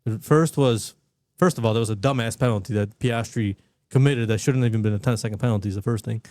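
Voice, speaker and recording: A man's voice: lowish voice, quick pace, darkish tone, dry recording. A man co-hosting a podcast in casual chat, rambling and restarting his sentences. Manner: rambling, restarts sentences, says dude a lot. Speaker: podcast co-host.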